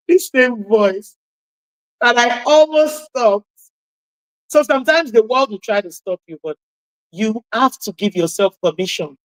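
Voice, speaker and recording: A woman with a husky voice hosting a radio talk show, giving an impassioned motivational talk and repeating key phrases for emphasis. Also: medium pitch, lively intonation, moderate pace, dry recording, low-quality recording.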